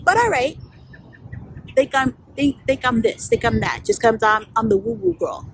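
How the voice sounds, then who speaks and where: A woman's voice: high voice, big pitch swings, normal speed, vocal fry, a little hiss or hum, poor audio. A woman, a life coach telling a candid, profanity-laced story in a storytime vlog.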